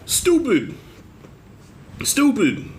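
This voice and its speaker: Animated, profane middle-aged male reviewer. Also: very high voice, drawn-out words, slight background noise. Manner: animated, profane storytelling with acted-out quotes. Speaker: TV show reviewer. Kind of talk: casual video review commentary.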